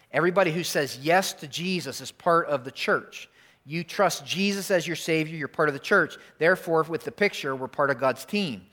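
A man preaching to his congregation in a church, slightly higher-pitched than most men. He talks conversationally, repeats his key lines for emphasis and keeps asking the room questions. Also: fairly bright tone. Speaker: pastor. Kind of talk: sermon. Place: church auditorium.

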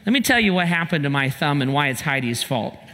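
A man's voice: a little high, sing-song, quick pace, pushed and bright, in a large hall. A male pastor giving a conversational sermon, asking rhetorical questions and telling personal stories.

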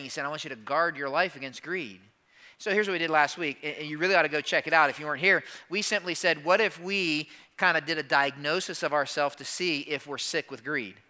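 A man's voice: fairly high pitch, bright, forceful tone. A man preaching a conversational sermon as a pastor, asking the congregation rhetorical questions and acting out their objections.

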